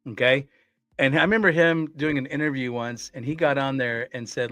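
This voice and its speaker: A man's voice: mid-range voice, fairly quick, a bit bright, no echo. A man co-hosting a casual talk show, speaking earnestly and often repeating words as he restarts his sentences. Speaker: co-host. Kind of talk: casual conversational commentary.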